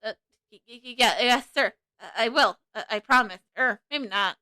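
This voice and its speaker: A woman's voice: high voice, very animated, slow pace, bright, forceful tone, no echo, exaggerated voice. A woman voicing a timid, weepy grown-man thief who stammers and keeps taking back what he says, in a fan reading of a video game. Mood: stammering. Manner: stammering, constantly backtracking.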